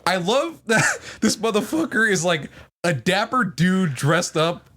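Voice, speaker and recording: Playful man, quick to laugh. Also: high-pitched, animated, a bit bright. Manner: laughs often, playful, says dude a lot. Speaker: podcast co-host. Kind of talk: casual podcast chat. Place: garage.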